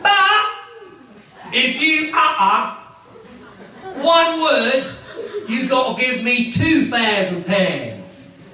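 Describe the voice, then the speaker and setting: A man's voice: high-pitched, takes it slowly, long pauses, pushed and bright, heavily acted. A man voicing a pushy English helicopter pilot who teases and haggles. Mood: teasing. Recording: echoey hall, heard from far off, noisy.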